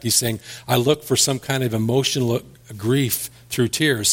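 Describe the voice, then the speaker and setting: A man preaching a sermon, reading scripture aloud and then explaining it in plain words, with small restarts. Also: medium pitch. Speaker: pastor.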